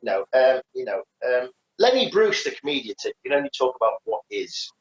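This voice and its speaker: Rambling man, lively pitch, echoey. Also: a little fast. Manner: rambling, many restarts and fillers. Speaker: podcast co-host, karate teacher. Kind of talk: casual chat. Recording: echoey, dull lo-fi sound.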